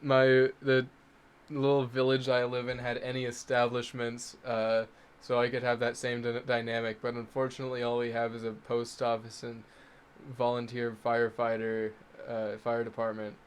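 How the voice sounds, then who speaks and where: A man's voice: mid-range voice, completely flat delivery, normal speed, smooth. A man chatting on a podcast, speaking hesitantly with some fillers. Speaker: podcast guest. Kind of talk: casual chat.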